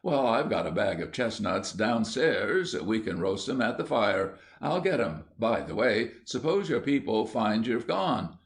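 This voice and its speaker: A man's voice: fairly low pitch, sing-song, unhurried, creaky, hardly any pauses, heavily acted. A man voicing a weary but kindly middle-aged politician, speaking soothingly.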